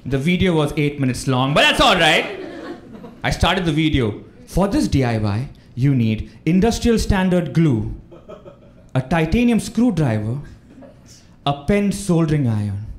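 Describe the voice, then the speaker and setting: A man's voice: fairly high pitch, sing-song, normal speed. A young man from India doing a live stand-up set, who laughs through his jokes and acts out his phone calls. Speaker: stand-up comedian. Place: comedy club stage with a live audience. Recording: echoey club room, loud crowd laughter.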